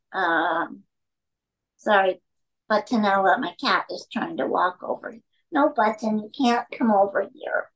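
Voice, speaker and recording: A woman's voice: a little high, a bit bright, low-quality recording. A middle-aged actress telling rambling anecdotes at home in a casual interview, stopping to talk to her cat.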